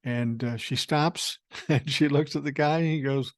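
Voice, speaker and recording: A man's voice: a little high, fairly even intonation, unhurried, no echo, studio quality. Blunt, swearing older man hosting a podcast. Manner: blunt, profane, rambling storyteller. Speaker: podcast host. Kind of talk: casual podcast talk reading listener email.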